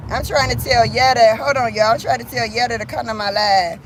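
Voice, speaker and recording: A woman's voice: a little high, fairly even intonation, a little fast. A middle-aged woman from Cleveland, Ohio, chatting casually and cursing freely with viewers on a phone livestream from inside a car. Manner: chatty, profane, laughs often, talks to viewers. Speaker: livestream host. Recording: car and wind noise.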